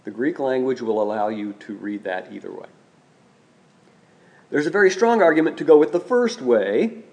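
A man preaching a sermon, speaking in a measured way, slowing down and repeating key phrases for emphasis. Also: medium pitch, animated, gravelly, darkish tone.

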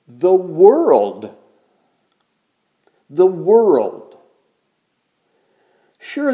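A man preaching a sermon in a slow, emphatic way, with dramatic pauses on key words. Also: on the high side, warm tone. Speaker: pastor.

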